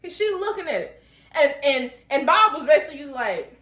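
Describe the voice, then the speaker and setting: A woman hosting a casual, animated TV episode recap. She chats, laughs often and keeps asking rhetorical questions. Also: sits high, moderate pace. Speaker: TV recap host. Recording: echoey room.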